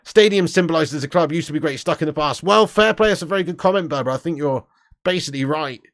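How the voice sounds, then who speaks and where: A man's voice: a little high, fast, no echo, studio quality. A man hosting a casual live stream, chatting and laughing as he reads viewer comments aloud. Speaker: live stream host reading chat.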